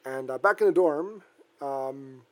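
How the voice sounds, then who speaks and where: A man from Canada casually recapping a horror film, talking in halting bursts with many restarts and fillers. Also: medium pitch.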